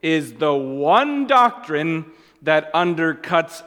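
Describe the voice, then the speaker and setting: A man preaching a sermon as pastor. He stresses and repeats key phrases, and his voice swings between loud and quiet. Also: fairly high pitch, lively intonation, slow, long reverb tail.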